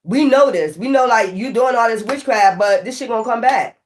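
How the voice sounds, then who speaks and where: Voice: medium pitch, moderate pace. Blunt, profane tarot reader. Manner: preachy, addresses viewers directly. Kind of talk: casual spiritual tarot reading.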